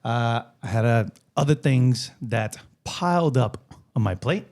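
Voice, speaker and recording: A man co-hosts a casual podcast, his voice at an ordinary middle pitch. He talks in a measured, thoughtful way, as if offering advice to his listeners. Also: expressive, a little mellow. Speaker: podcast co-host. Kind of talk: casual chat.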